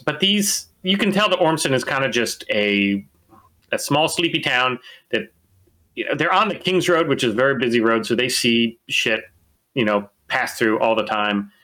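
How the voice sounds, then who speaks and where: A man's voice: mid-range voice, normal speed, pushed and bright. A man narrating as game master of a tabletop game, in a casual, rambling way full of fillers.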